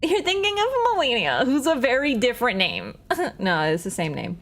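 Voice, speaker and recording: A woman's voice: on the high side, big pitch swings, moderate pace, a bit bright, a little hiss or hum. A woman livestreaming a game, chatting casually to her viewers in a rambling, joking way that is full of swearing. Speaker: gaming livestreamer. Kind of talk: casual stream chat.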